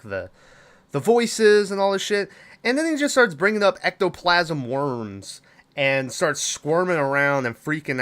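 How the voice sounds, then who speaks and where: A man's voice: mid-range voice, a bit bright, clear, resonant tone. A man hosting a podcast, recapping a film's plot in a loose, rambling way with lots of swearing. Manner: loose, profane, rambling storytelling with fillers. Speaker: podcast host. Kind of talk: casual movie review recap.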